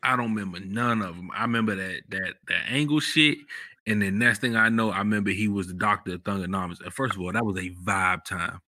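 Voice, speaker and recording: A man hosting a podcast, talking in a relaxed, slangy way about wrestling memories, jumping up in pitch when excited. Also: fairly quick, no room sound. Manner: relaxed slangy storytelling, bursts of high excitement. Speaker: podcast host. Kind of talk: casual chat.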